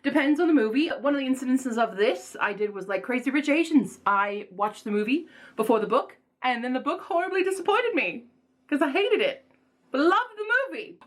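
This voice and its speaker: A woman book vlogger chatting casually in a put-on snobbish accent, playful and self-mocking, her pitch swooping up and down. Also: animated, brisk. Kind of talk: casual chat.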